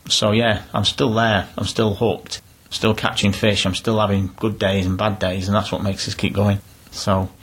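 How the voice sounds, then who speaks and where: Husky-voiced man, easygoing storyteller. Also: lowish voice, little pitch movement, normal speed, a bit bright. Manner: chatty, down-to-earth, rambling with restarts. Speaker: interviewee, angler. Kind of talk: casual storytelling interview.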